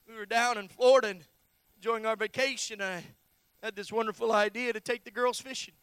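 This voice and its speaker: A male pastor preaching a sermon, telling a personal story and swinging between loud, urgent lines and hushed ones. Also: high-pitched, smooth, no room sound. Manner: personal storytelling with repeated phrases.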